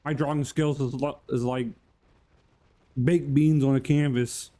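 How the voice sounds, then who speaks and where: A man's voice: mid-range voice, steady tone, a little slow, mellow. A man streaming live and hosting his channel, chatting casually in a rambling, goofy way and greeting viewers by name.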